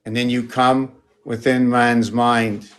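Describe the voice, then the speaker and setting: A man showing his paintings on a live stream, talking in a rambling, playful way and jumping from excited exclamations to muttering. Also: medium pitch, slow pace, clean tone. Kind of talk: casual live-stream chat.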